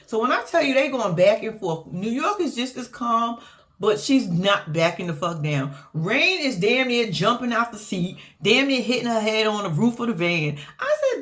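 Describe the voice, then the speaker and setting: Woman, reality show recap vlog, casual, profane, laughs a lot, swoopy expressive pitch. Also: moderate pace. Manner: animated, profane, laughs often, acts out quotes.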